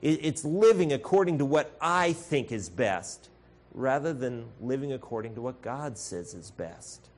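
Speaking at a measured pace in an expressive, medium-pitched voice, a man delivers a sermon as pastor. He's earnest and direct, addresses the congregation as "folks," and acts out voices that shout.

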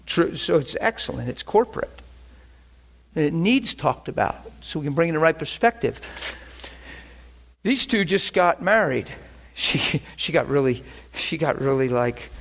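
A man's voice: fairly high pitch, lively intonation, a little slow, creaky, pauses often, a bit bright. A man preaching a conversational, emphatic sermon to a class as their pastor.

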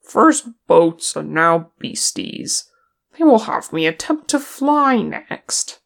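A reader voicing a gruff, grumbling male dwarf warrior, loud and blustering in his complaints. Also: medium pitch, fairly even intonation, normal speed.

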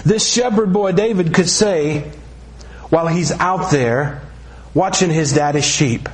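A man's voice: a little high, measured pace. A man preaching a sermon as pastor, talking casually and joking as he tells the story.

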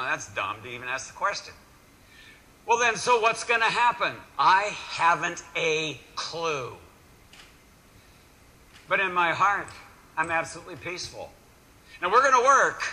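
A male pastor giving a lively sermon, acting out voices and swinging between loud and quiet. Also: fairly high pitch, low-quality recording.

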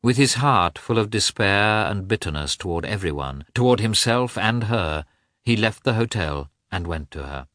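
A man narrating a classic novel as an audiobook in an expressive, dramatic reading. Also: fairly low pitch, normal speed, dry recording, studio quality. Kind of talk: scripted narration.

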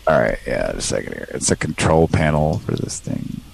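A man's voice: very deep voice, very animated, a little fast, creaky, crowd noise, poor audio. A man hosting a live stream, laid-back, laughing often and thinking aloud. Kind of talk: casual live-stream chat.

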